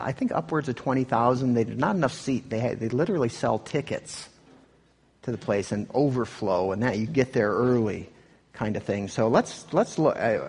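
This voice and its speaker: Preaching in a conversational way, a man restarts his thoughts frequently and keeps asking "right?" as he comments on clips in his sermon. He has a medium-pitched voice with vocal fry and a breathy edge, followed by a long reverb tail.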